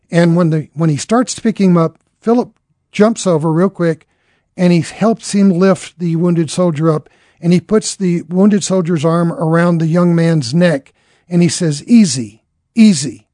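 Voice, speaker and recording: A man's voice: fairly high pitch, warm tone, no room sound, clean studio sound. A man telling a dramatic story in an earnest way, acting out the characters' lines as he goes.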